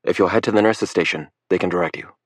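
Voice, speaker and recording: A man voicing a calm, apologetic hospital doctor. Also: sits low, fast, no room sound, studio quality.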